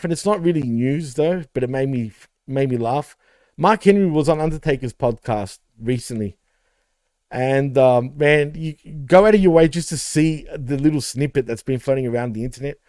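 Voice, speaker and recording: Male podcast co-host, relaxed and profane, dark tone, close dry sound. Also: a little high, normal speed, no echo. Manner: laid-back, swears freely, laughs often. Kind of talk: casual wrestling podcast chat.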